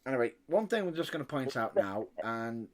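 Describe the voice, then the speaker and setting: A man's voice: mid-range voice, very animated, a little fast. British man, podcast co-host, laid-back, dry remarks. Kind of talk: casual chat.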